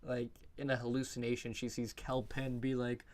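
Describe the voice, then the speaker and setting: A man talks loosely on a casual live stream, rambling from thought to thought. He laughs often and swears freely. His voice sits at an ordinary middle pitch. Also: completely flat delivery, moderate pace, darkish tone. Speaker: streamer reviewing movies.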